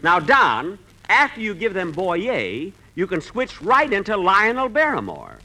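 A man's voice: high-pitched, wildly swooping pitch, measured pace, bright, forceful tone. Exasperated man in radio comedy. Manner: exasperated, vain, fussy. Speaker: comedian host.

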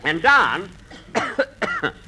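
A man's voice: high-pitched, wildly swooping pitch, drawn-out words, noisy background. A man hosting a 1940s radio comedy, exasperated and fussy. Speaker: comedian host.

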